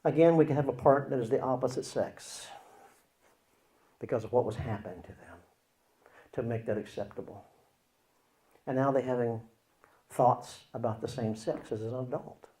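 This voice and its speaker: A man teaching as a Christian counselor, explaining with acted examples and swinging between loud and hushed delivery. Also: medium pitch, moderate pace, long pauses.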